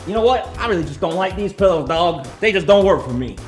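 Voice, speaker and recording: Man playing a brash young wangster buyer, put-on southern-tinged thug accent, squeaky high and all over the place. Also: expressive, fast talker, faint music behind. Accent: put-on thug accent with a southern twang. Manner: says yo constantly, slangy and brash. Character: cocky young male wannabe gangster buyer.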